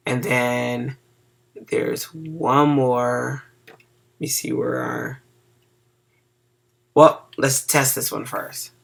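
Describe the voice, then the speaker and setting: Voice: medium pitch, fairly even intonation, extremely slow, creaky, pauses often. A web design teacher giving a casual screen-recorded coding lesson. The teacher is groggy from cough medicine, stumbles over words and keeps checking in with "okay?".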